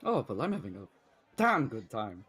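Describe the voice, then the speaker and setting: A man's voice: fairly low pitch, huge pitch swings, normal speed, fairly bright tone, slightly rough, exaggerated voice. A man voicing a carefree, cheeky tavern reveler with a playful, teasing manner during in-character tabletop role-play.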